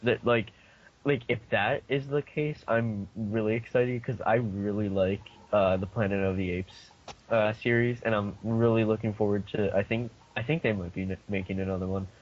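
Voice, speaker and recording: A young man chatting on a podcast, halting and full of fillers as he works out his thoughts. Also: on the low side, steady tone, highs cut off. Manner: halting, lots of fillers and likes. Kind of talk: casual chat.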